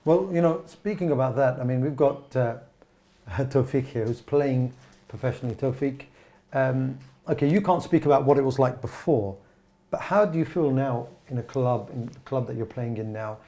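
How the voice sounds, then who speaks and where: Gravelly-voiced male panel host. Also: medium pitch, normal speed, mellow. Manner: probing, asks layered questions. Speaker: host, interviewer. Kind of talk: panel discussion.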